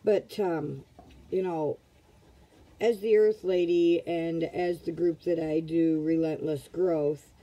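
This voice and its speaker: A woman's voice: on the low side, fairly even intonation, slow pace, mellow, poor audio. A middle-aged woman at home giving a casual motivational talk to her followers, asking rhetorical questions over and over in a preachy way. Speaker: vlogger, motivational group leader.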